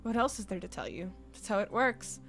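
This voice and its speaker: A streamer voicing a gruff, grumpy young male shopkeeper in a curt, blunt manner, with faint game music behind. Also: fairly quick, fairly bright tone, lightly acted. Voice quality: lowered, blunt, curt delivery.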